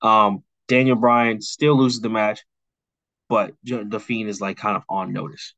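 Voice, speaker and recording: A young man co-hosts a podcast, rambling casually through a storyline recap full of fillers and pitching his own rewrite, with quick asides where he mimics wrestlers' lines. His voice sits lowish with fairly even intonation and a pushed, bright edge. The recording is rough, with no room sound.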